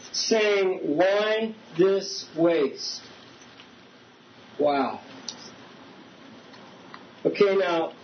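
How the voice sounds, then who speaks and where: High-pitched guy preaching, chatty, keeps asking the crowd stuff, a bit muffled with light hiss. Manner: conversational preaching, asks the congregation questions. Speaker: pastor. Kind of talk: sermon. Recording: slightly dull recording with faint hiss.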